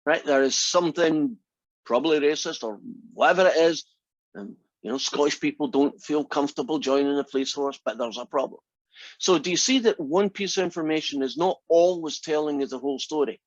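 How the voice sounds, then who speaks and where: A male math teacher lectures his class in a voice pitched a little high. He leads them through one point after another by asking them questions. The recording is dry and dull, with the room's highs cut off. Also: brisk, no room sound. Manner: asks the class many rhetorical questions. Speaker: math instructor.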